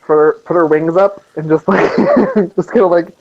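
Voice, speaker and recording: Excitable male player, dull lo-fi audio. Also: high-pitched, normal speed. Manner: chatty, excitable, hedging with "like". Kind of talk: casual tabletop play.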